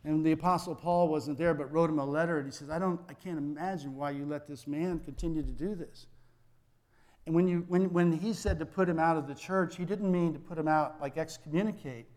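A man's voice: fairly high pitch, a little fast, darkish tone, long reverb tail. A male pastor preaching a sermon in a conversational way, acting out little dialogues.

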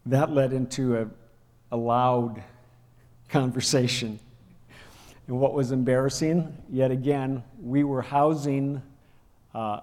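A man preaching a sermon, telling a personal story and acting out the raised voices in it. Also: mid-range voice. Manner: storytelling, acts out quoted shouting. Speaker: pastor. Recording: long hall reverb.

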